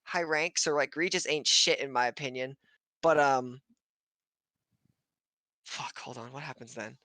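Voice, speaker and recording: A bright, forward-sounding man talking through a plot recap on a podcast stream, swearing freely and laughing as he goes. His voice is dry and close, with no room sound. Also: medium pitch, dry recording. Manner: swearing, laughing, acting out characters in quick voices. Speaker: podcast co-host recapping an episode. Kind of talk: casual chat, recap. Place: home setup on a stream.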